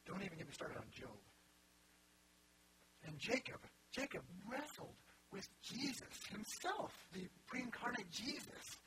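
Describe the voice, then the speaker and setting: A man's voice: sits high, very animated, unhurried, noisy background. A man preaching a sermon in an earnest, conversational way, with wry asides.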